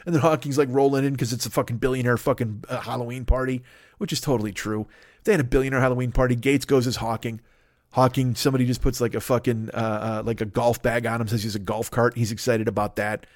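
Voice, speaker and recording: Male podcast host, comic solo rant, swears a lot, wanders off on tangents, medium pitch, dry close sound. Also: steady tone, quick pace, no echo. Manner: profane, rambling, tangent-driven rant. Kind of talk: comedic solo monologue.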